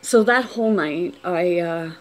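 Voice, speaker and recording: A woman telling a personal story on camera, unscripted, talking quietly with many restarts and trailing phrases. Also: on the low side, measured pace.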